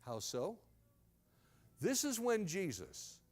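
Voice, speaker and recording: A man's voice: fairly high pitch, huge pitch swings, a little slow, long pauses, darkish tone. A male pastor preaching a sermon as dramatic storytelling, with asides to the congregation.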